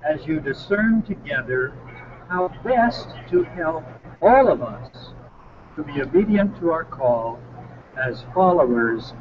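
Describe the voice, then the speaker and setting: Man, slightly high voice, unhurried prayerful close, muffled sound. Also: animated. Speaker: church leader reading a statement. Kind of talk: formal closing blessing. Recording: dull recording with faint noise.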